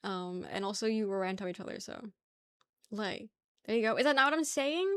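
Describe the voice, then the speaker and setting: A woman's voice: medium pitch, animated, fast, clear, resonant tone, dry recording, studio quality. A young woman from New York with a New York accent, chatting casually with her stream viewers, teasing them and laughing often.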